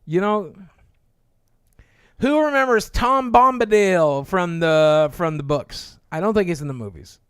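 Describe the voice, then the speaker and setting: A man's voice: sits high, animated, unhurried, clean tone, dry recording, studio quality. A man casually reviewing trading cards on a live stream, reading card text aloud with chatty asides and thanking viewers.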